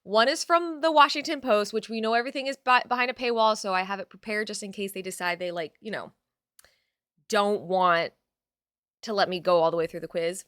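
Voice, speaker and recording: A woman's voice: mid-range voice, a little fast, a bit bright, clear, resonant tone, no room sound, studio quality. A young adult woman chatting casually on a live stream, reading out her chat and swearing now and then.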